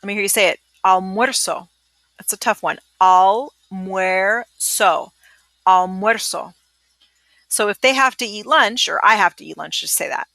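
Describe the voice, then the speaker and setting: A woman's voice: medium pitch, creaky, bright, forceful tone. A woman teaching Spanish vocabulary, patiently repeating each word so students can say it back. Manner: patient, repeats words slowly for students to echo. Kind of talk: recorded vocabulary lesson.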